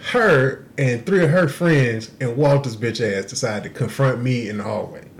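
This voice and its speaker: On a podcast, a young male co-host tells a story in an animated, profane way, laughing through the punchlines. His mid-range voice moves at a moderate pace, and there's a slight hiss or hum in the recording.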